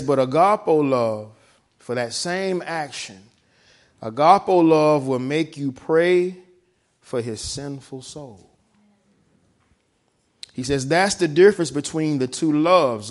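Slow-talking preacher man. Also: a little high. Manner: reads a quoted text and explains it, asking "right?" often; swings from hushed to loud, drawing out key words. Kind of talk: sermon.

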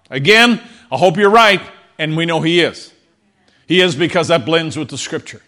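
High-pitched guy preaching in church, earnest, keeps repeating himself, gets the crowd to say stuff back. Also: lively intonation, moderate pace, sharp tone. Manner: earnest, repeats words, calls for congregation response. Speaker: pastor. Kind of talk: sermon. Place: church before a congregation.

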